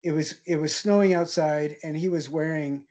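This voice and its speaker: Mid-lesson, a male art history instructor relaxes into anecdotal storytelling in a classroom setting, speaking warmly in a low voice with fairly even intonation and a moderate pace. He's chatty and hesitant, full of ums and restarts, and laughs at his own punchlines.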